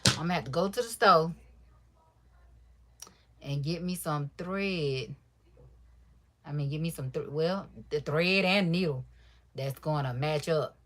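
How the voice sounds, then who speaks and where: A woman chatting casually to her livestream viewers while sewing, deliberately keeping her voice quiet and soft, calling them y'all and baby. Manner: talks low and soft on purpose. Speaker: livestream crafter.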